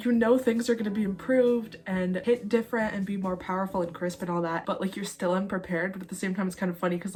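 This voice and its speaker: A woman in her thirties reacting to an album, chatty and gushing, with lots of fillers. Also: mid-range voice. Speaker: music reaction vlogger. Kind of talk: casual album reaction commentary.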